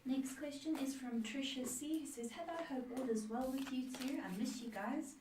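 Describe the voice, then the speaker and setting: A woman co-host reads viewers' questions aloud in a plain, brisk voice with a somewhat high pitch. She sits away from the microphone, so her voice sounds roomy and distant, with clear noise behind it. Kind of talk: reading viewer messages aloud. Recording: far from mic, roomy with background noise.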